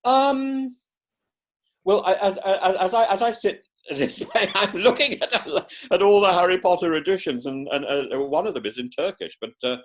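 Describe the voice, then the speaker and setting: A man chatting as a podcast guest, animated and theatrical, often restarting and repeating words as he thinks. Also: high voice, moderate pace. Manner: animated, theatrical, breaks into put-on voices. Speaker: podcast guest, professor and former politician. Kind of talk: casual interview chat.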